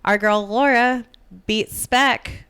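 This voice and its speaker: A woman's voice: on the high side, fairly even intonation, slow, very noisy. A young adult woman co-hosting a comedy history podcast, telling the story casually with jokes and asides. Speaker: podcast co-host.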